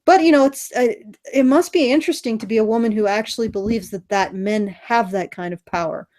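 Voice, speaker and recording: High-pitched lady cohost, blunt and sweary, sarcastic banter. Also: brisk, darkish tone. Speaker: podcast co-host. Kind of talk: casual chat.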